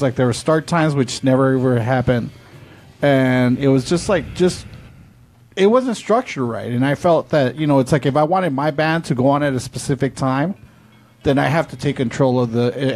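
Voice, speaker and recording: A man's voice: medium pitch, a little mellow. A middle-aged man and show promoter telling a rambling, profane story in casual chat.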